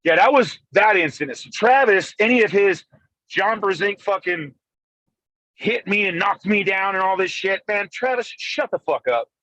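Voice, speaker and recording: Sex: man. Pitch: high. Mic: phone call from a moving car. Sound: dry, close. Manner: profane, animated storyteller. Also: moderate pace, no room sound. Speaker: guest arm wrestler.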